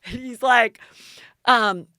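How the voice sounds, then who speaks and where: A middle-aged American woman hosts a casual chat podcast, spinning a long anecdote with lots of animated asides. Her voice is bright and clear, recorded close and dry with no room sound. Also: a little high, slow, no room sound. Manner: animated, dramatic retelling with quoted voices. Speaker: podcast host.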